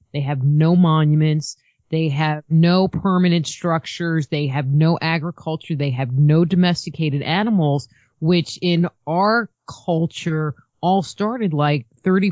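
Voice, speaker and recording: A woman's voice: sits low, a little mellow, no echo. A woman guest on a podcast, talking casually in a rambling way full of "you know". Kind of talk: casual chat. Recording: muffled lo-fi dry sound.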